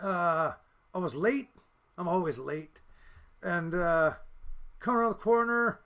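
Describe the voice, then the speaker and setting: High-voiced man telling rambling stories. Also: fairly bright tone. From United States. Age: 50s. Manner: rambling, blunt, salty, with many fillers. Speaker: podcast guest, fishing boat captain. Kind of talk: casual storytelling.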